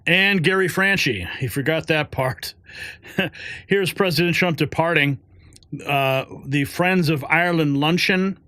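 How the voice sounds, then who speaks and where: A man's voice: a little high, a little slow, pushed and bright. A male show host doing live commentary over played clips, with effusive, sentimental reactions.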